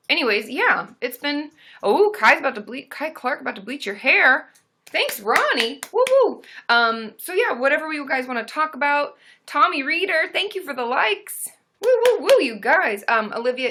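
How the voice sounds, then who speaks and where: A woman's voice: fairly high pitch, sharp tone. A woman therapist hosting a casual live stream, chatting to viewers in a bubbly, rambling way with lots of fillers.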